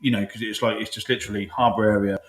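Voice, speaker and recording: A man's voice: on the low side, fairly even intonation, rapid-fire, reverberant, rough recording. A man telling army stories in casual chat, swearing often and laughing as he goes. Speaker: podcast host.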